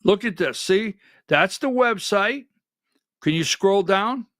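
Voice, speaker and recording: Sarcastic slow-talking male political host. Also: high-pitched, animated, a bit bright, no room sound, clean studio sound. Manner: sarcastic, emphatic, directs a producer. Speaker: political talk show host. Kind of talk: conservative political commentary.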